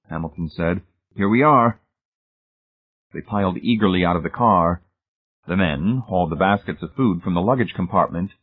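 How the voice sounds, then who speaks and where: A man narrating a story aloud in a measured reading. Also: deep voice. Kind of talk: audiobook narration. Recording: tinny phone-like band.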